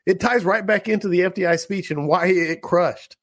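A man's voice: sits high, a bit bright. Playful man hosting a podcast quiz. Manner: playful, quick quiz-show banter. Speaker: podcast host. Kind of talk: casual interview chat.

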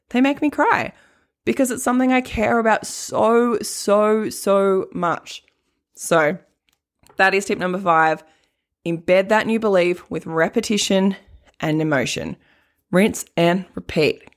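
Woman, coach, casual podcast talk; lowish, laughs a lot, chatty filler-heavy delivery.

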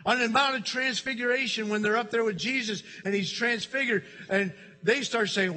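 A man preaching a sermon as pastor, telling stories in an animated way and acting out the voices he quotes. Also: extremely high pitch, normal speed, few pauses. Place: church sanctuary. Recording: church hall reverb.

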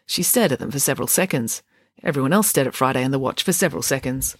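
A woman reading a children's novel aloud with lively expression. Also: quick pace, husky, no echo, studio quality. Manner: lively, voices dialogue with big pitch swings. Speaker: audiobook reader.

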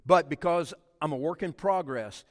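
A man preaching a sermon, swinging from hushed tones to shouting. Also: a little high, normal speed. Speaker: pastor. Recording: long reverb of a large hall.

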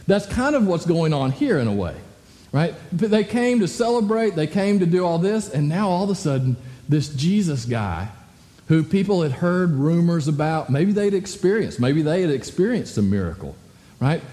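A man's voice: on the high side, warm tone, long reverb tail. A male pastor giving a conversational sermon to a congregation, asking frequent rhetorical questions. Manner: conversational, full of rhetorical "right?" asides. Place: church hall with a congregation.

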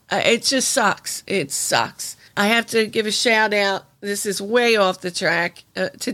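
This is a woman hosting a true crime podcast from her home, speaking in a casual, rambling monologue. Her voice has a gravelly, fried texture at a middle pitch. She swears freely and lets her emotion show as she goes. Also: a bit bright.

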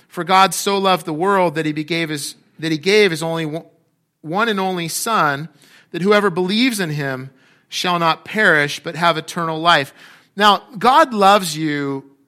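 Bright-voiced man preaching conversationally. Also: on the high side. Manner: conversational, restarts often, acts out quotes. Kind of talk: sermon.

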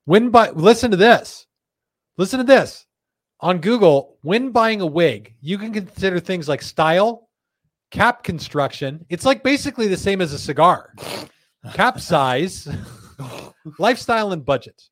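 A laid-back man hosts a live chat show from a studio, joking his way through viewer comments. His voice sits a little high for a man. The sound is close and dry. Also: expressive, a little slow, no echo. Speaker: host. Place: company studio.

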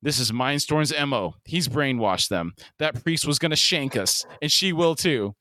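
Male podcaster doing a blunt, cold soldier with a slow, flat delivery. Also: medium pitch, no echo, studio quality. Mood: gruff.

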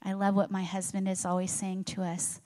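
A middle-aged woman pastor preaches with a mid-range, dark-toned voice at normal speed, her delivery completely flat. She earnestly delivers her sermon with rhetorical questions, and the large church auditorium gives it a long reverb.

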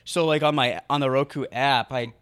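A man's voice: mid-range voice, steady tone, normal speed, fairly bright tone, clean tone. A man from New England co-hosting a casual podcast, rambling with lots of hesitations and restarts. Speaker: podcast co-host.

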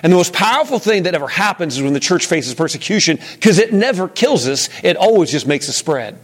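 A man's voice: sits high, very animated, a little fast. A man leading an interactive Bible lesson, talking casually and putting questions to the room. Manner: conversational, asks the room questions. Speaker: teacher leading a Bible study.

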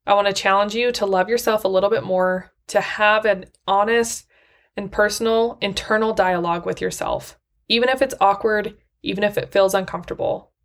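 A woman's voice: medium pitch, steady tone, moderate pace. Earnest woman hosting a podcast. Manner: earnest, encouraging, speaks straight to listeners. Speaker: podcast host. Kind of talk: solo motivational podcast talk.

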